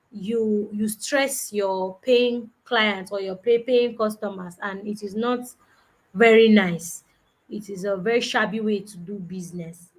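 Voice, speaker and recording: A young woman gives a relaxed, conversational business talk. Her voice sits a little high. She keeps checking in with her listeners and acts out customer exchanges as she goes. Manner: conversational, repeats "you understand?", acts out customers. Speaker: business coach. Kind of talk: conference talk.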